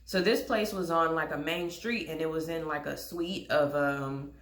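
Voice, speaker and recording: A woman's voice: sits low, moderate pace, a bit bright, echoey room. A young woman telling a story to camera in a blunt, exasperated way, swearing freely. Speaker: vlogger.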